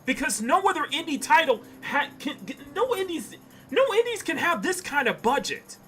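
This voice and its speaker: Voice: sits high, sing-song, moderate pace, bright, forceful tone, faint music behind. A streamer in their thirties ranting heatedly about a game during a stream. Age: 30s. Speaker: gaming streamer.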